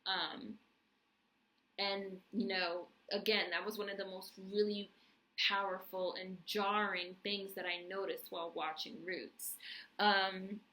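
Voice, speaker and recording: Emphatic woman, bright echoey voice. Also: medium pitch, level tone, a little slow. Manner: emphatic, frequent "right?" and "like" fillers. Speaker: TV recap vlogger. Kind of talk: casual spoken review.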